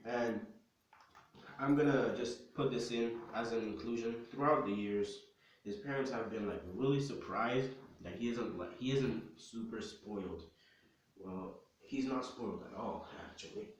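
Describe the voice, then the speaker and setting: A man's voice: on the low side, a little hiss or hum. A young man telling a fan story in a loose, rambling way, full of slang and fillers. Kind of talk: casual fan-fiction storytelling. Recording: echoey room.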